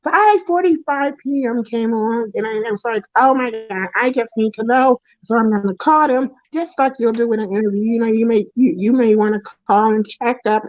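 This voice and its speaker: A woman's voice: a little high, moderate pace, few pauses, darkish tone, no room sound, close to an everyday voice. A woman voicing a foul-mouthed, jealous male puppet performer who rants bitterly and profanely, rambling with many restarts. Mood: bitter ranting. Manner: profane, rambling, indignant ranting with frequent restarts. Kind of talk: comedic character monologue. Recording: dull, dry lo-fi recording.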